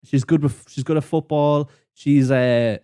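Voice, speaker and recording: A man co-hosting a podcast, reviewing a film in casual chat, amused and quick to laugh. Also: on the high side, fairly even intonation, mellow, smooth. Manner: amused, laughs often, mimics characters. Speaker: podcast co-host.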